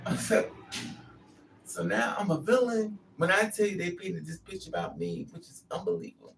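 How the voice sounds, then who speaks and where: A woman talks through a personal story in a loose, animated monologue, slipping into the voices of the people in it. Her voice has a gravelly edge. She sits a little back from the mic, with faint noise underneath. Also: medium pitch, brisk, distant mic. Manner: animated, acts out quotes.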